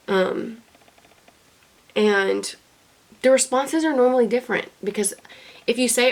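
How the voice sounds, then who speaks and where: A woman's voice: medium pitch, fairly even intonation, normal speed, vocal fry, pauses often. A young woman recording a personal video diary for her future self, talking in an earnest, rambling way with many fillers and restarts. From United States. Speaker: beauty vlogger.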